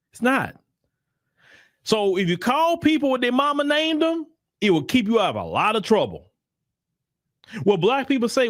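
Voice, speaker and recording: With a high-sitting voice on a clean studio track free of room sound, this American commentary host gives emphatic, blunt takes. He talks in casual slang and tends to repeat himself to drive points home.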